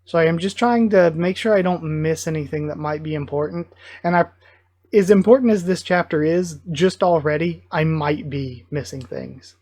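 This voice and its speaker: Guy doing a live reaction vid, kinda high voice, excited, thinks out loud and keeps second-guessing himself, dry close sound. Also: moderate pace, no room sound. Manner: excitable, musing and self-correcting. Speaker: reaction video host.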